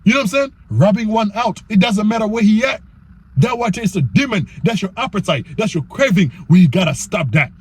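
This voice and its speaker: Male YouTuber preacher, high and husky voice, emphatic and repetitive, reads verses slowly. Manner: animated and emphatic, often asks "you know what I'm saying?"; reads scripture aloud slowly in old-style wording. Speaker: YouTuber giving faith-based self-control advice. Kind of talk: preachy motivational monologue.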